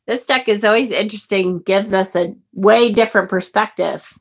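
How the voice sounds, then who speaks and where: A woman's voice: medium pitch, normal speed. A middle-aged woman hosting a live tarot stream in a chatty way, greeting viewers, reading out their comments and getting emotional over the card pictures. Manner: emotional, gasps and exclaims over card images. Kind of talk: casual live-stream chat.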